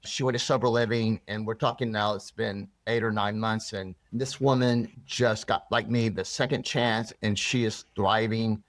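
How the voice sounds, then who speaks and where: Male guest, low voice, earnest rambling storyteller, dry room. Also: fairly even intonation, moderate pace, hardly any pauses, no room sound. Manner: rambling, earnest, many restarts. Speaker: interview guest. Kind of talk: emotional personal storytelling.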